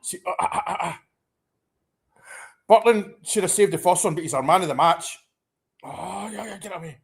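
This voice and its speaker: A man reacting live as a football fan, excitable and anxious, stammering and restarting his sentences. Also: sits high, normal speed, gravelly. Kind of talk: live match watchalong reaction.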